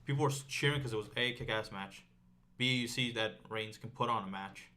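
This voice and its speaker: A man's voice: mid-range voice, a little fast. A man co-hosting a casual podcast, arguing his points emphatically with many "like"s. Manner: animated, emphatic, lots of "like". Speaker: podcast co-host. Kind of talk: casual chat.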